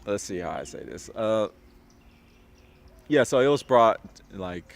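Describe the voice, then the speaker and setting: A man with a low, gravelly voice talks through a casual discussion outdoors, stumbling over fillers and restarting his sentences. He laughs often between thoughts. Faint music sits under the recording. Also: sing-song, unhurried. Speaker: discussion host. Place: outdoors, drizzling.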